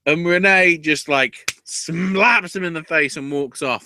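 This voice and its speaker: A man hosting a podcast, recapping wrestling shows in casual chat, cursing freely and flaring up into loud outrage. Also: fairly high pitch, measured pace, few pauses, no echo. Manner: profane, excitable, bursts into loud outrage. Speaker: podcast host.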